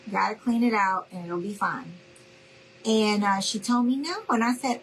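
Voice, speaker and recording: A chatty, affectionate woman from New Orleans, Louisiana, hosts a craft livestream, chatting casually as she works and calling viewers "y'all" and "honey." Her voice is medium-pitched at a moderate pace, and the audio is poor with slight background noise.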